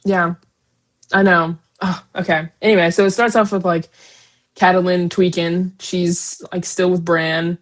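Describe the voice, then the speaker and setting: A young woman co-hosting a casual book discussion, retelling chapters in an animated way with lots of fillers. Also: fairly low pitch, measured pace. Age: young adult. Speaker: podcast co-host.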